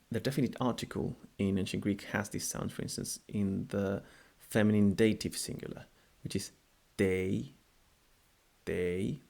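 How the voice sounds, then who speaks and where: Male language teacher, low gravelly voice, patient, slow modelling of sounds. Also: darkish tone. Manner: unhurried, repeats words slowly to model pronunciation. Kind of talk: explanatory video lesson.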